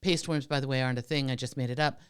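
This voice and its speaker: A woman co-hosting a podcast in playful casual chat, laughing often and pitching whimsical ideas. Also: steady tone, rapid-fire, clear, resonant tone. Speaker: podcast co-host.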